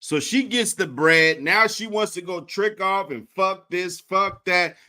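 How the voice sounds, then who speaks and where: A man hosting a reaction commentary, crude, profane and animated. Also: sits high, unhurried. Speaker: host.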